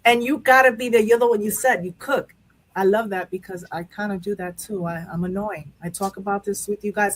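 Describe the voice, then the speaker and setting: A woman's voice: medium pitch, brisk, slightly rough, poor audio. A woman hosting a live talk show, speaking candidly and emotionally about grief, rambling with many restarts. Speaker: show host.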